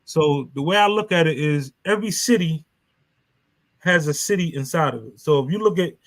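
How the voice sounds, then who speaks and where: A man's voice: on the high side, normal speed, a bit bright, poor audio. A man, hosting a live stream and telling his story in a loose, rambling way full of street slang. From New York. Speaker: author and live stream host.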